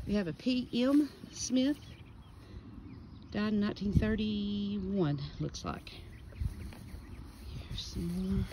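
Walking among the graves of a rural cemetery, a woman with a medium-pitched voice reads headstone names and dates slowly, pausing often and sounding slightly out of breath. The casual vlog narration has a noisy background with birds and outdoor ambience.

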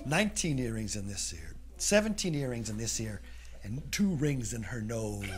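A man's voice: mid-range voice, sing-song, moderate pace, noisy background. Man reading a playful children's story. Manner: playful, sing-song storytelling. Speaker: reader. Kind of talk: children's story read-aloud.

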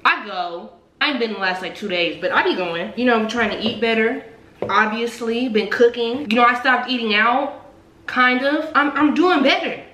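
A woman's voice: on the high side, moderate pace, bright, forceful tone. A young woman vlogging casually while she cooks at home, chatty and self-mocking, with dramatic asides. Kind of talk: casual cooking vlog chat. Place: home kitchen. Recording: echoey kitchen with noise.

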